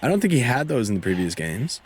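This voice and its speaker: A man's voice: medium pitch, sing-song, fast talker, slightly rough. A man streaming a video game live, chatting loosely in a rambling, joking way. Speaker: gaming streamer. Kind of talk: casual live-stream chat.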